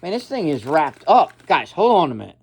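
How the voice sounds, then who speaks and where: A man filming a casual unboxing vlog after a night of drinking, rambling between loud exclamations and low muttering. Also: sing-song, a little fast, slightly rough. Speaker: vlogger.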